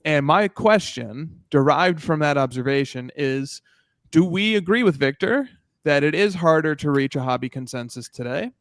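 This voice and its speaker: A man who is a regular panelist on a podcast, speaking in a thoughtful, measured way in casual chat. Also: on the high side, lively intonation, no room sound, studio quality.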